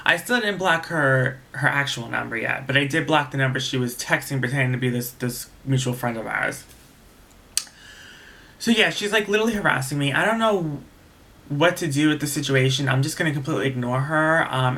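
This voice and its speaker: A man's voice: mid-range voice, bright, forceful tone. A young man telling a casual storytime vlog, rambling and exasperated, with many restarts and asides. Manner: exasperated, venting. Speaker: vlogger.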